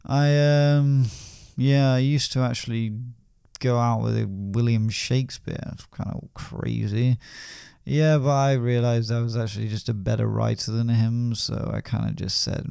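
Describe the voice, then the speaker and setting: A man's voice: lowish voice, unhurried, gravelly, warm tone, clear, resonant tone, no echo, clean studio sound. A man voicing a drunk male poet who brags offhandedly. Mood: boastful.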